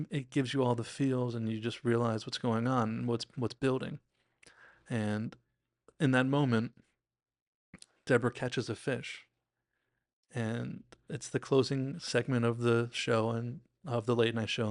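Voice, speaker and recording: Man, podcast host, casual episode recap, enthusiastic and rambling, self-deprecating, gravelly voice, dry close recording. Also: medium pitch, fairly even intonation, moderate pace, dry recording.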